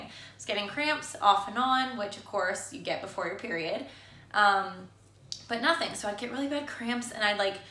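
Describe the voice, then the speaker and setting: An American woman in her thirties chatting casually to camera as a vlogger, full of "like" and quick restarts. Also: a little high, pushed and bright. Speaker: vlogger, stay-at-home mom. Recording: echoey room.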